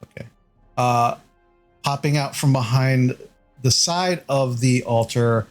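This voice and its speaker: Slow-talking male dungeon master. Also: mid-range voice, faint music behind. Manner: slow, halting narration with many fillers. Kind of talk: narrating a tabletop game.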